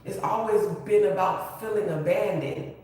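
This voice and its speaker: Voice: medium pitch, moderate pace, darkish tone. A tarot reader giving an earnest, emotional reading, repeating key phrases in a casual spiritual style. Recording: very echoey room, distant mic, faint hiss.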